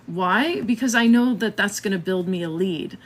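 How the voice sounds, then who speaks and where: A woman's voice: mid-range voice, moderate pace. Chatty woman hosting a marketing live stream. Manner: chatty, scattered, laughs often, keeps asking "okay?". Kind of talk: casual live-stream coaching.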